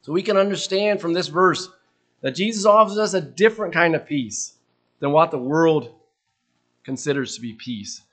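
A man preaching a sermon, earnest and questioning, letting his voice drop softly at the ends of phrases. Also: a little high, moderate pace, soft background music.

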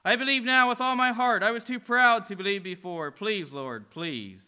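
Desperate damned man, begging, sobbing, high bright voice, performed by a male narrator. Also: normal speed, clean tone. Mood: pleading.

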